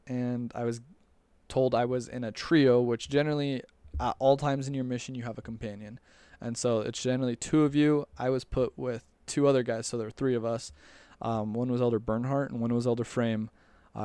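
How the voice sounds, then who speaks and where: A man's voice: mid-range voice, dark tone, clear, resonant tone, no echo. Young man telling a rambling story. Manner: rambling, with frequent restarts and chuckles. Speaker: storyteller recalling a church mission. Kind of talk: casual storytelling.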